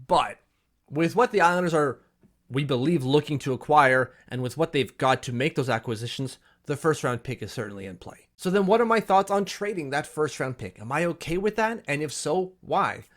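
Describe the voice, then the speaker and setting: A man's voice: fairly high pitch, expressive, normal speed. A man hosting a casual hockey commentary vlog from home, chatty and self-deprecating. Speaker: hockey YouTuber.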